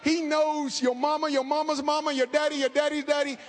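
A man preaching a fervent sermon, talking fast and calling out to the congregation. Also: very high voice, little pitch movement. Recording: long hall reverb.

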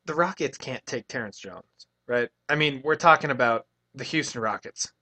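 A man's voice: mid-range voice, lively intonation, normal speed, pushed and bright. A man co-hosting a casual sports radio show from a college station studio, chatting and rattling off team rosters.

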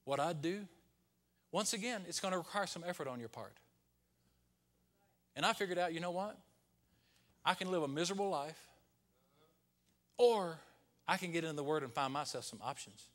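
A pastor preaching a Sunday sermon, rising to loud peaks and dropping to hushed, whispered lines. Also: male voice, fairly high pitch, normal speed, pauses often.

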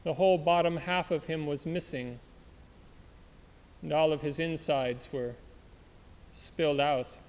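A man's voice: fairly high pitch, a little slow, pauses often. A man preaching through a story in an earnest, dramatic way. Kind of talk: sermon storytelling. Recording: long hall reverb.

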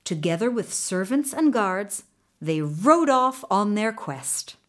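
Lady reading a fairy tale out loud, slow and sing-song. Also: medium pitch. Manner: lively voiced character reading. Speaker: storyteller. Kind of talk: storybook narration.

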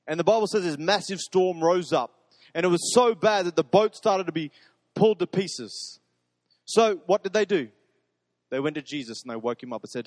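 A man's voice: high voice, animated, normal speed, darkish tone, no room sound, clean studio sound, big-room sound. A man, a pastor preaching a sermon in an earnest, emphatic way that repeats phrases for stress.

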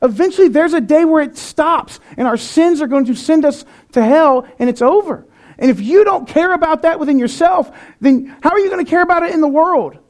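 A man's voice: extremely high pitch, lively intonation, a little fast, darkish tone. A man preaching a sermon in an earnest, conversational way, with some restarts. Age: adult, past eighteen.

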